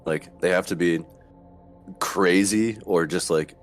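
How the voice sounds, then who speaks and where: A man's voice: deep voice, takes it slowly, soft background music. A man musing aloud as a player in a tabletop role-playing game. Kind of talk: casual tabletop game play.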